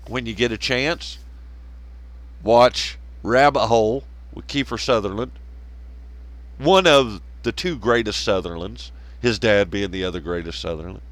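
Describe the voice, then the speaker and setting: A man's voice: medium pitch, fairly bright tone, dry recording. Sarcastic swearing male ranter. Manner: sarcastic, swears constantly, laughs at his own jokes. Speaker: podcast host. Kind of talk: profane casual rant.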